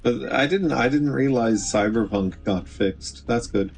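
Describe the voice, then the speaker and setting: A man's voice: mid-range voice, measured pace, vocal fry, a little mellow, slight background noise. A man with an Irish accent hosting a livestream, chatting casually with viewers in a joking, teasing way and laughing often. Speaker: livestream host.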